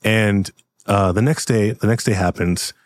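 A man narrating a tabletop role-playing game as game master, in an animated, loose way. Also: on the low side, unhurried, a little hiss or hum.

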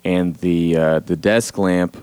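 Deep male podcast co-host, dry close sound, casual, enthusiastic restarts. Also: steady tone, slow pace, darkish tone, clean tone, no echo. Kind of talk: casual chat.

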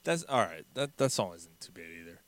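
A man's voice: low-pitched, expressive, fairly quick, no room sound. A man co-hosting a podcast, chatting casually in a profane, rambling, digressive way. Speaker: podcast co-host. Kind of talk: casual chat.

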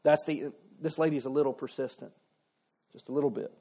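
A man's voice: medium pitch, steady tone, brisk, warm tone, slightly rough. A man preaching a sermon in a conversational way, acting out quoted voices as he retells a story. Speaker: pastor.

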